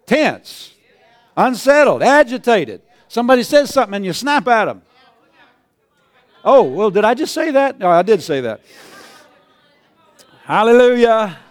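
Male pastor, high voice, chuckly sermon delivery, calls for amens. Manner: chuckling, call-and-response.

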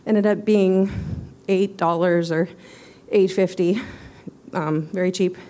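A woman giving a church testimony, out of breath, nervous and apologetic, speaking haltingly. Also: lowish voice, steady tone, warm tone. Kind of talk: spontaneous testimony.

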